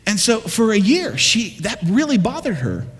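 High-voiced man preaching with fire. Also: normal speed, slightly rough. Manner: energetic, building to fired-up exclamations with humor. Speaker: pastor. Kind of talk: sermon. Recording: long reverb of a large hall.

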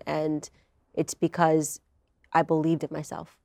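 A woman's voice: low-pitched, level tone, normal speed, a little mellow, no room sound, studio quality. A young woman telling her personal story in an earnest conversational interview. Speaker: guest.

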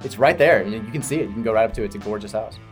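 A man's voice: lowish voice, rapid-fire, soft background music. A man in his thirties from Kentucky, co-hosting a casual chat and telling rambling, self-amused stories. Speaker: podcast co-host.

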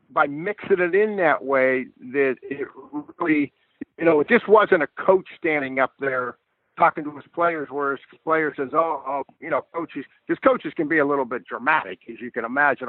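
An older man, a guest football coach, telling animated stories in a podcast chat and repeating words as he starts a thought. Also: fairly high pitch, moderate pace, no echo. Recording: dry, tinny phone-like line.

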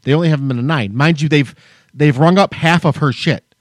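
A man's voice: a little high, brisk, no echo, clean studio sound. A man co-hosting a podcast, telling a long story as a heated, profane rant. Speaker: podcast co-host. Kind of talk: casual chat, storytelling rant.

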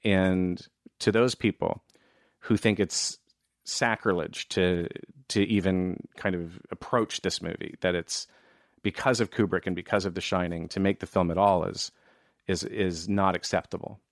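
A man, a film director, talking in a relaxed, thoughtful way with many restarts. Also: low voice, a little slow, no echo, studio quality. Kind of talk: casual conversation.

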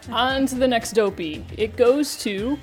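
A woman's voice: on the high side, measured pace, faint music behind. Dry-humored woman co-host. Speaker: podcast co-host. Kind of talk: casual chat.

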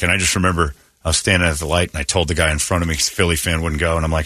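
A man hosting a casual morning radio show, telling animated stories and acting out quotes in a raised voice. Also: deep voice, rapid-fire, no room sound, studio quality.

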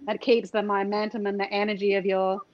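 A woman guest on a video call, talking reflectively in halting, restarting sentences. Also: medium pitch, flat delivery, dry recording, dull audio. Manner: halting, restarts often, laughs easily. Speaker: podcast guest.

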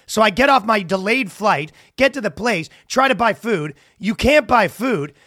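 Animated, high-voiced man telling stories. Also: normal speed, no room sound, studio quality. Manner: animated storytelling with acted-out quotes. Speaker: podcast co-host. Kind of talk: casual comedic chat.

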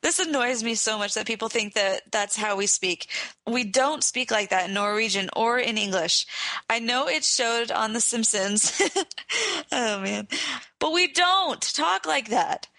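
Woman podcast co-host, reading emails, bright tone, dry close sound. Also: a little high, lively intonation, measured pace, no room sound. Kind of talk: casual podcast chat, reading emails aloud.

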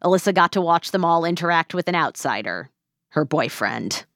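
Low-voiced woman podcast host. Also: expressive, moderate pace, fairly bright tone, no echo, studio quality. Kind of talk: scripted narration and interviewing.

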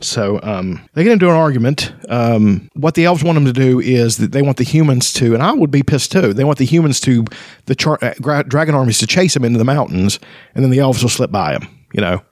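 A man casually talking through a fantasy novel, rambling and halting with many fillers, sometimes reading passages aloud. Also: medium pitch, lively intonation, a little mellow, no echo. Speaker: podcast host discussing a fantasy novel. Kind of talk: casual book discussion with read-aloud passages.

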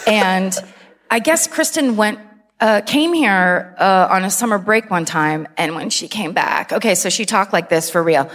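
A woman's voice: medium pitch, a little slow, a bit bright. A woman from California co-hosting a live comedy podcast on a theater stage, chatty and laughing as she tells stories with impressions. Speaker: podcast co-host. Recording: long theater hall reverb.

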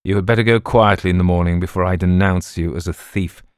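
A man voicing a cool, commanding English gentleman in an audiobook reading. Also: low-pitched, steady tone, fast talker, clean tone, dry recording, clean studio sound, close to an everyday voice.

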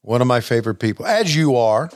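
A man's voice: mid-range voice, sing-song, no room sound, studio quality. An older man hosting a podcast, chatting casually and stammering over old wrestling footage. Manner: halting, stammering, chuckles often. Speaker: podcast host.

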